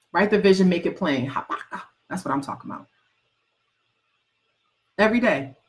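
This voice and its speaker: Brief: woman coach, animated and teasing, preachy motivational talk with loud rhetorical questions. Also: medium pitch. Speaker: writing and goals coach.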